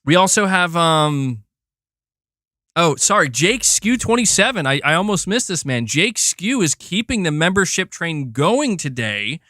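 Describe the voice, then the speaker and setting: A young man hosting a casual live stream, excitedly thanking members and chatting while doing curls. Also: on the high side, a little slow, no echo, studio quality. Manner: excitable, reads out member gifts, chats while exercising. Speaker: livestream host.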